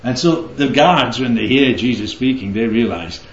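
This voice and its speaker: A man's voice: mid-range voice, animated, normal speed. A man leading a group Bible study, teaching interactively and keeping the group involved with frequent check-ins. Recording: roomy, slightly dull recording.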